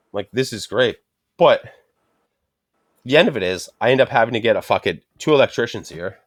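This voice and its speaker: A man's voice: mid-range voice, dry recording, studio quality. A middle-aged man telling a frustrated story in casual chat, swearing constantly and ranting. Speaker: podcast host.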